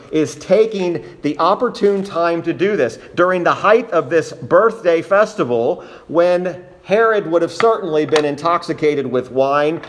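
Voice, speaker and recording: Emphatic male preacher, slightly high voice. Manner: earnest, emphatic, addresses the congregation directly. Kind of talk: expository sermon.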